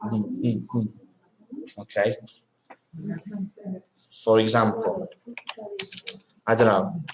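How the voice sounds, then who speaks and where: Man, English teacher, unhurried, roomy classroom echo. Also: lowish voice, fairly even intonation, muffled recording, a crowd in the background. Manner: models pronunciation by repeating words, questioning students. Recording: echoey classroom.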